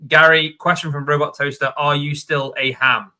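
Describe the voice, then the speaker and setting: A man hosts a live stream, chatting loosely as he reads out viewer questions. His voice sits a little high and rings very bright and forceful. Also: little pitch movement, normal speed. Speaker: host.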